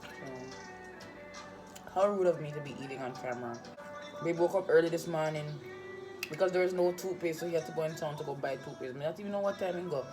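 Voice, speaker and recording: A woman's voice: deep voice, fast, long pauses. A young woman with a Jamaican accent, rambling and chatty as she vlogs casually to her viewers. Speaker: vlogger. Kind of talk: casual vlog chat. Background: music.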